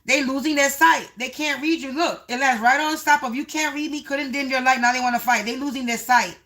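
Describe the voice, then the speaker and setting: Female tarot reader on a livestream; high-pitched, bright tone, repetitive rhyming delivery aimed at the collective. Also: steady tone, fairly quick. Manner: repetitive, half-rhyming, talks to the viewers as the collective.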